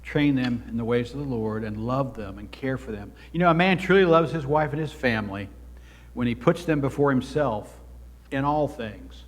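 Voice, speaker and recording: A man's voice: medium pitch, normal speed. Earnest man preaching in a reverberant hall. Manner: earnest, exhorting, swells louder for emphasis. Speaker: pastor. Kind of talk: sermon. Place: church sanctuary.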